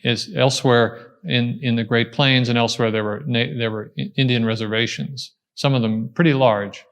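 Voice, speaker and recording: A man answering an audience question at a talk, explaining step by step, pausing and restarting as he thinks. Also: medium pitch, steady tone, fairly bright tone. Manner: thoughtful, explaining step by step with frequent pauses and restarts.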